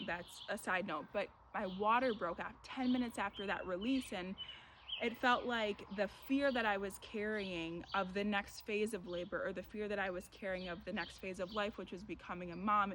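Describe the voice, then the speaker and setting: A young woman, a mother, earnestly talking through her own birth story in a casual, reflective way, often pausing on "you know.". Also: medium pitch. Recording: steady background noise.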